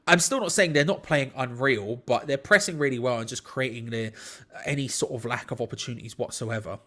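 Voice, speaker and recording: Young male host, chatty rambling match watch-along commentary, mid-pitched. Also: fairly bright tone. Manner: chatty, rambling, self-deprecating. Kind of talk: casual live match commentary.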